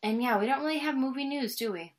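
A woman co-hosting a casual movie podcast, chatty and animated, laughing often. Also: sits high, fast talker. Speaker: podcast co-host.

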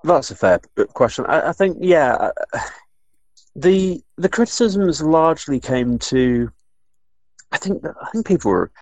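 A man's voice: fairly high pitch, lively intonation, a little slow, no room sound. A man from northern England co-hosting a casual discussion, rambling with many restarts and fillers. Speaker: podcast co-host.

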